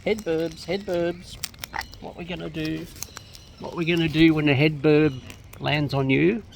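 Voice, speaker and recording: Woman, low gravelly voice, slow playful bird-talk, noisy outdoor recording. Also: fairly even intonation. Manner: coos and baby-talks to birds, playful. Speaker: bird feeder vlogger. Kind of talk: casual chat with wild birds. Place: outdoors among wild birds.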